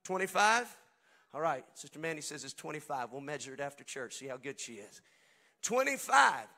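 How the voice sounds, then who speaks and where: A man preaching a Pentecostal sermon at a church service. He swings between quiet joking asides to the congregation and shouted, sing-song preaching. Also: a little high, big pitch swings, normal speed, creaky. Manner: humorous and talks directly to the congregation.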